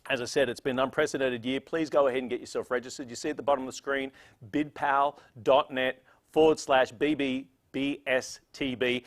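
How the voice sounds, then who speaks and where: A man's voice: medium pitch, steady tone, moderate pace. An Australian man emceeing a gala with playful, jokey showman banter.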